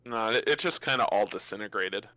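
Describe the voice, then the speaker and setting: A man running a tabletop game as dungeon master, relaxed and often laughing. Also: lowish voice, fairly quick, no echo. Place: home, online voice chat.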